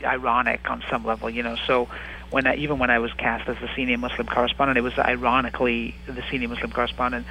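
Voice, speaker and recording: A man in his thirties speaks in a relaxed interview, his voice gravelly yet bright and pushing forward. He searches for words as he goes, with frequent restarts and small fillers. The delivery is thoughtful and conversational. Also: medium pitch, quick pace, a little hiss or hum, poor audio. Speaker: actor and writer, interview guest.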